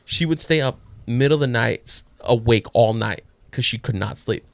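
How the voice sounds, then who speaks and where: A man's voice: medium pitch, normal speed, vocal fry, no room sound. A man co-hosting a podcast, telling a story in a loose, profane, slangy way. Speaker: podcast co-host. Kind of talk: casual storytelling.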